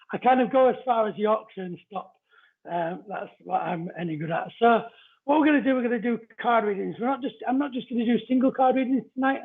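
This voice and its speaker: A man's voice: sits high, creaky, slightly rough. A man hosting a live-stream psychic card reading, chatting casually and greeting viewers by name as he explains the cards. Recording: narrow phone-like audio.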